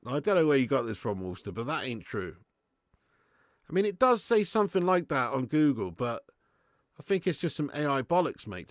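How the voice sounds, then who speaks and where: Speaking at a medium pitch, this man runs a live football watch-along where he jokes with chat, cursing liberally as he reads and responds to comments. The sound is clean studio audio with no echo.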